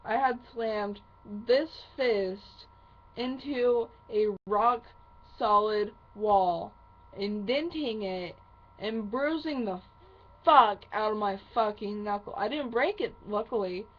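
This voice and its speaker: Woman vlogger, angry profane rant, slow and halting, muffled lo-fi audio. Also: mid-range voice. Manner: heavy swearing, slow halting phrasing. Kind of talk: angry venting monologue to camera.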